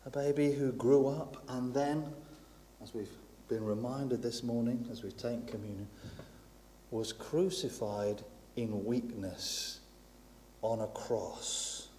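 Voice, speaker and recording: Lively conversational man preaching in a reverberant church. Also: medium pitch, slow pace, long pauses, slight background noise. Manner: conversational, animated, acts out Bible characters' lines. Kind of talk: sermon. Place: church hall. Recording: long hall reverb.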